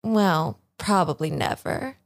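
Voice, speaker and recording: A woman's voice: low voice, animated, slow pace, gravelly, exaggerated voice. A woman voicing a sardonic female outlaw leader in a tabletop game, speaking with a dry, mocking drawl.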